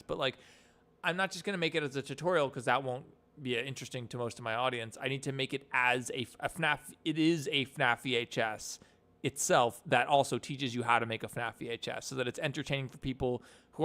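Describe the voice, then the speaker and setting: Young male streamer, gravelly but smooth, rambling chat. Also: mid-range voice, a bit bright. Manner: rambling, filler-heavy. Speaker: animator streamer. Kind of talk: casual live-stream chat.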